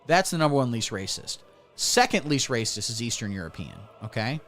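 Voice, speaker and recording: A man hosting a satirical comedy livestream who rants crudely and sarcastically, swinging between mumbling and loud. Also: mid-range voice, big pitch swings, a little fast. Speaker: comedy streamer.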